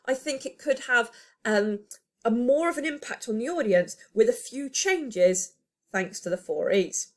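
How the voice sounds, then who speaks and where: A woman teacher giving a recorded lesson to pupils, explaining with emphatic, animated delivery and rhetorical questions. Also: a little high, unhurried.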